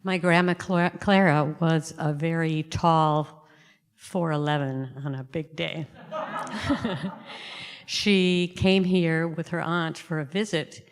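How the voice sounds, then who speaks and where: Woman, low voice, humorous anecdote at a service, reverberant hall. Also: slow pace, clear, resonant tone. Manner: lively, laughing, mimics voices. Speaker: congregant sharing a remembrance. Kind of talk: anecdotal storytelling.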